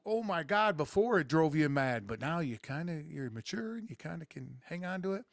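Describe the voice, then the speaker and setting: A man's voice: fairly high pitch, no room sound, studio quality. A middle-aged man hosting a podcast, talking in a crude, sarcastic, rambling monologue. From rural United States. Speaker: podcast host. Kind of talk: casual monologue.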